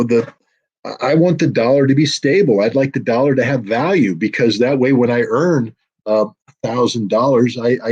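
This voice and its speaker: An American man in middle age speaks as an interview guest. He argues with emphatic force and a sardonic edge, and mocks the people he quotes. His voice sits at an ordinary pitch, and the recording sounds dull and lo-fi. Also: darkish tone, husky. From United States. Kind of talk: political commentary interview. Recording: dull lo-fi audio.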